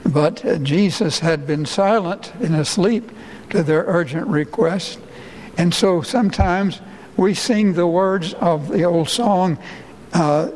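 A male pastor preaching a sermon, his voice rising and slowing when he quotes people crying out. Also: a little mellow, big-room sound, rough recording. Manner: rises in pitch and slows for quoted cries.

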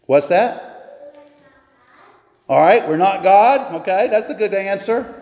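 A man's voice: high-pitched, animated, slow pace, darkish tone. A man preaching a sermon in a church, telling a folksy story and acting out its dialogue. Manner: storytelling, acts out dialogue in raised voices. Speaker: pastor. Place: church sanctuary. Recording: long hall reverb.

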